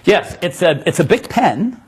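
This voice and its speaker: Husky, lively-voiced man joking about a trick. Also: high voice, unhurried. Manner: jokey, laughs often, storytelling. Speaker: magician presenting his trick on a sales show. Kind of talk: casual live demo chat.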